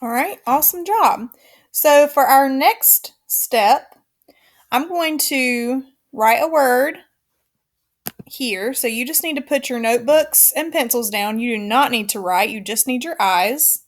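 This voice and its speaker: A woman teacher giving a recorded phonics lesson to young children, slow and clear, encouraging, with counted call-and-response. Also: sits high.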